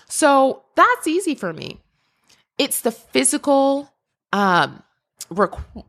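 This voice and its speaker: A woman hosting a solo podcast, telling a story in an animated way with laughter and big jumps in pitch. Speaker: podcast host and creativity mentor.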